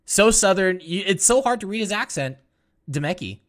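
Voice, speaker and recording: A man's voice: sits high, moderate pace, fairly bright tone. A young man hosting a casual gaming podcast, upbeat and playful, laughing often as he teases his co-hosts. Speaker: podcast host.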